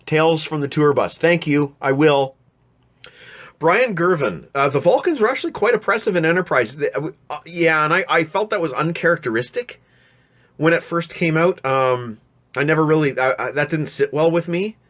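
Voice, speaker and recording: A man's voice: a little high, expressive, moderate pace, a bit bright. Rambling man reading chat comments. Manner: rambling, frequent restarts and fillers. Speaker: live stream host.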